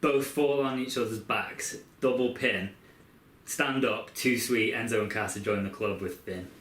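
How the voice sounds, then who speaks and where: A man's voice: fairly low pitch, a little slow, fairly bright tone. A man co-hosting a podcast, rambling as he tells a long scenario in casual chat. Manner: rambling, storytelling play-by-play. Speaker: podcast co-host. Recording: echoey room.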